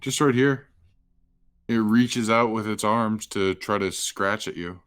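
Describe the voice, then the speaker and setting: A deep-voiced man running a tabletop roleplaying session as dungeon master. He talks slowly and evenly, laying out rules and describing what the monsters do. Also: fairly bright tone, clean tone. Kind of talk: running a tabletop game over voice chat.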